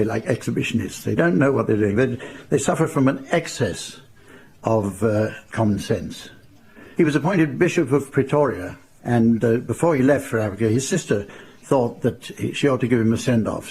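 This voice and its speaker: Older English raconteur, gravelly, mid-pitched, dry understated delivery. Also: male voice, darkish tone. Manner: dry, unhurried, wry understatement. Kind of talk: anecdotal storytelling to a live audience.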